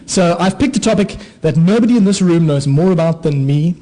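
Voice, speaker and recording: A man tells comic stories about himself to a live audience. His voice sits fairly high, and he delivers the talk with animated, self-deprecating asides and playful sound effects. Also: fairly quick, low-quality recording. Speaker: conference speaker, anaesthetist. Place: conference hall with an audience.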